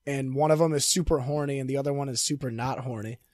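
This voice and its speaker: A man's voice: medium pitch, fast, dry recording. A young man co-hosting a podcast, telling stories in casual chat with swearing and frequent laughter. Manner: animated, swearing storyteller, laughs often. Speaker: podcast co-host.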